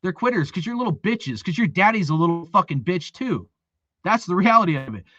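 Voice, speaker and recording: A man's voice: sits high, fairly bright tone, no room sound, dull audio. A middle-aged man ranting in a heated, profane monologue about youth football, peppering it with "dude" and "bro.". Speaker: youth football volunteer coach, show host.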